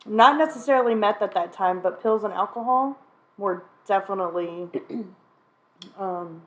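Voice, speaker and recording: A woman speaks candidly in a relaxed sit-down conversation with her sister. Her voice sits at an ordinary middle pitch. She talks frankly and openly, breaking into laughter now and then and often clearing her throat. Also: normal speed. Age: adult, mother of a child. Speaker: sister sharing her recovery story. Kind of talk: candid conversation about addiction.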